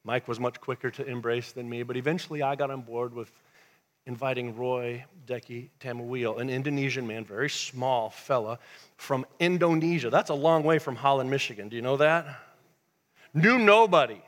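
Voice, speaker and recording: A male pastor preaching a sermon in church, telling a lively story and dropping to a hush for emphasis. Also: medium pitch, normal speed. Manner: animated storytelling, swings from loud to hushed. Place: church sanctuary.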